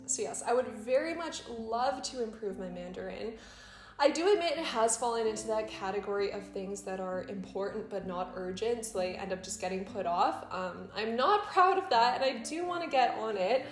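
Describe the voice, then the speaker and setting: A woman's voice: a little high, animated, moderate pace, soft background music. Chatty young woman in an echoey room. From United States. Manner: candid, chatty, laughs often. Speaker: vlogger. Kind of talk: casual vlog chat while cooking.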